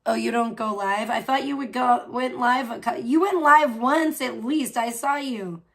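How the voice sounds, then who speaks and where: Rambly streamer lady, kinda high voice, laughs a lot and talks to chat. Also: normal speed, creaky. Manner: rambling, chatty, frequent laughs; reads and answers chat. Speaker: livestream host. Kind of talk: casual live-stream chat.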